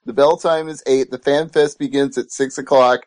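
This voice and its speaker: A man's voice: mid-range voice, steady tone, moderate pace, no echo. A man hosting an online radio interview, upbeat and laughing easily with his guest. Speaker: radio show host.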